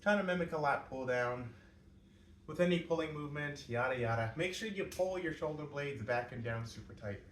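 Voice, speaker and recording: A man's voice: on the high side, normal speed, a bit bright, recorded from a distance. A young man chats and cracks jokes while working out, his voice sitting back from the mic. The room is roomy and echoing, with a faint hum underneath. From Canada. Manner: joking, chatty, talking to himself mid-exercise. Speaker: fitness vlogger. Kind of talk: casual workout vlog. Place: home room at night.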